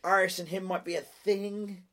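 A man's voice: sits high, normal speed. A young man co-hosting a podcast, joking around in casual chat and cursing for punchlines. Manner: animated, jokey, swears for punchlines. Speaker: podcast co-host.

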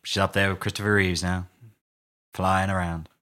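Bright-voiced upbeat podcast host. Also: male voice, deep voice, flat delivery, normal speed. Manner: upbeat showman intros, quotes a lot. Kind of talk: casual chat.

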